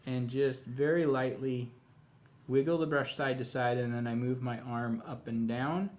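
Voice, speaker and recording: A man teaching a live painting tutorial, explaining each step in a relaxed, chatty way. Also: medium pitch, a little slow. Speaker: painting instructor.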